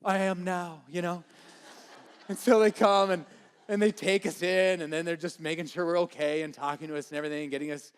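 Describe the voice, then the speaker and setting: A man from Minnesota preaching a sermon, telling a lively comic story and acting out the voices of the people in it. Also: fairly high pitch, a little fast, clear, resonant tone. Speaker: pastor.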